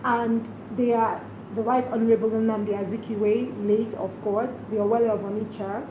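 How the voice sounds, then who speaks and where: A woman's voice: fairly high pitch, steady tone, moderate pace, muffled recording. A middle-aged woman from Nigeria, answering interview questions earnestly and reflectively. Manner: earnest, speaks directly to late mother. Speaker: interview guest. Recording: roomy with clear background noise.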